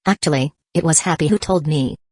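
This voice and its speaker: A woman's voice: low voice, a little fast, husky, no room sound, studio quality. A woman voicing an eager, bubbly young bookish girl in an audiobook reading. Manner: eager, bright.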